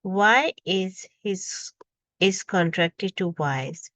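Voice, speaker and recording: A woman's voice: mid-range voice, expressive, slow pace, dry recording. A woman teaching an English grammar lesson, reading out example questions one by one and stressing each example.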